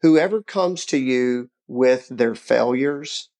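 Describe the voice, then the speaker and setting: A middle-aged man, a father of grown children, talking earnestly about parenting and faith in a casual chat, telling stories with animated asides. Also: medium pitch, slow.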